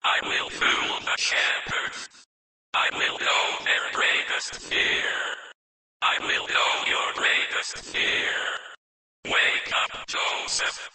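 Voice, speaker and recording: A man voicing a sinister spirit that poses as a savior in an analog horror cartoon, with a whispered, raspy voice and a slow, menacing way of talking. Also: sharp tone, a little hiss or hum, full character voice.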